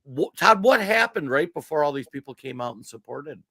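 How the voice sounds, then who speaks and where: A man's voice: a little high, big pitch swings, a little fast, sharp tone, breathy edge, dry recording, clean studio sound. A man co-hosting a political talk show, talking casually with mocking emphasis and frequent laughter. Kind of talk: casual commentary.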